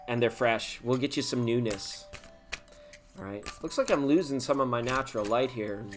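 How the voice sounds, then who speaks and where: A man hosting a live tarot stream in casual chat, talking to viewers by name and laughing often. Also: medium pitch.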